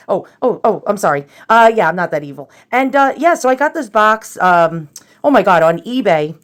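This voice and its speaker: A woman's voice: mid-range voice, expressive, moderate pace, a bit bright. A woman hosting a casual show-and-tell vlog, chatty and rambling, with many fillers and restarts, nervous and self-deprecating. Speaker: antiques vlogger.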